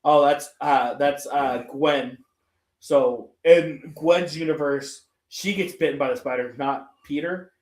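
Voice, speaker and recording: A man's voice: a little high, slow pace. A man chatting casually as co-host, telling stories in a rambling, profane way and acting out quotes. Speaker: podcast co-host. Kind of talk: casual chat. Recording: roomy echo.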